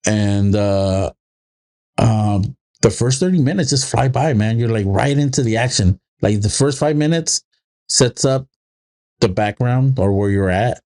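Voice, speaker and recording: A man's voice: on the low side, expressive, unhurried, darkish tone. A man co-hosting a casual podcast, rambling through family anecdotes and acting out his little daughter's lines. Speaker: podcast co-host. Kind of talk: casual chat.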